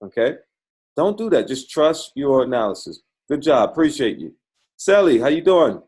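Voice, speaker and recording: A man with a husky, slightly breathy voice runs a live trading call. He jokes and encourages callers in a folksy, easygoing way. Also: medium pitch, very animated, moderate pace, darkish tone. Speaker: trading coach hosting a call.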